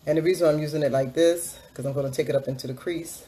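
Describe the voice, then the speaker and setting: A beauty vlogger talks fast in a low, dark voice with fairly even intonation. She chats her way through a makeup tutorial, staying upbeat and repeating a hype catchphrase as she explains each step.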